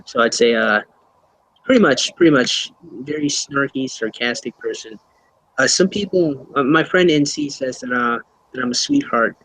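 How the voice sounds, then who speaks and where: A man's voice: medium pitch, moderate pace, fairly bright tone, no room sound, poor audio. A young man answering interview questions casually, rambling with many fillers and restarts. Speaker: YouTuber being interviewed.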